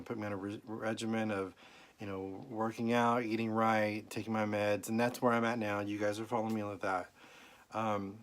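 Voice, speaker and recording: A middle-aged man tells a personal story in a rambling, emotional way, at times close to tears. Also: on the low side. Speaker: vlogger. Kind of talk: personal health update vlog.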